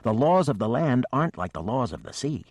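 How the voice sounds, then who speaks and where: A man's voice: mid-range voice, sing-song, a little fast, darkish tone, breathy edge, dry recording, pitched above the performer's own voice. A man voicing an intense female fish-folk sea skipper who questions insistently. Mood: probing. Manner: probing, insistent.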